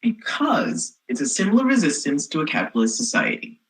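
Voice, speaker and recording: Casting: young actress as a snarky teen girl rebel, sarcastic storyteller, pitch swings widely. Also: very animated, a little fast, a bit bright, poor audio. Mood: sardonic. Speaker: student actor. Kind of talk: comic stage monologue.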